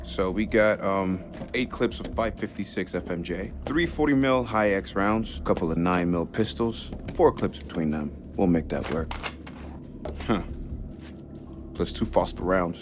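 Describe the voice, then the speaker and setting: An actor playing a practical, steady soldier who briefs in matter-of-fact military jargon. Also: male voice, low voice, unhurried, background noise. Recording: game dialogue over loud score.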